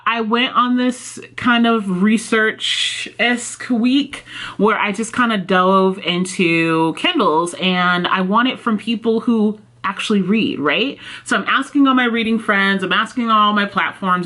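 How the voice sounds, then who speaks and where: A woman book vlogger chatting casually and excitedly at home. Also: medium pitch, a little slow. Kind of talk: casual vlog chat. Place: home office, indoors.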